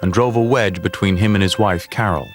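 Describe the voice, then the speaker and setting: A man giving measured, scripted documentary narration. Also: low voice, music in the background.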